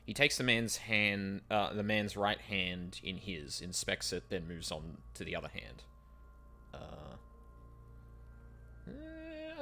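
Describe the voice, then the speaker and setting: A man's voice: sits low, huge pitch swings, takes it slowly, pushed and bright, soft background music. A man streaming a game, reading its text aloud in a wry, joking way.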